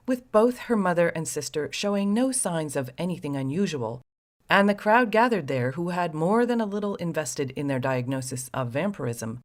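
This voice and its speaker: A woman host narrating a scripted story with sardonic, wry asides to the listener. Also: low voice.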